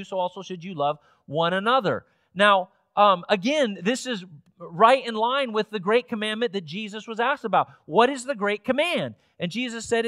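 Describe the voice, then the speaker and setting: A male pastor with a strikingly high voice delivers an earnest sermon. His words come in bursts, with restarts and repeated phrases, building to emphatic peaks. The sound is dry and close, with little room reflection. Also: a bit bright, no room sound. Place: church sanctuary.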